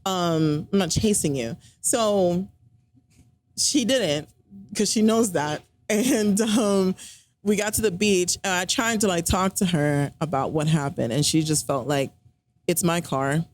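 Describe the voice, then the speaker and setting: A woman's voice: on the low side, measured pace. A woman guest on a podcast, telling a personal story in casual chat, full of fillers and acted-out quotes. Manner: chatty, many fillers, acts out quoted dialogue.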